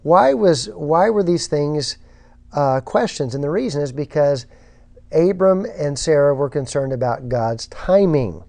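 A man's voice: a little high, expressive, a little slow, creaky, dark tone. A man preaching a sermon, reading scripture aloud and stressing points with emphasis. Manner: emphatic, reads scripture aloud, repeats words when restarting.

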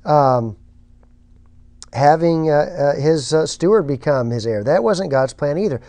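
A man's voice: a little high, expressive, a little slow, dark tone. A man preaching a sermon, reading scripture aloud and stressing points with emphasis. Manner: emphatic, reads scripture aloud, repeats words when restarting.

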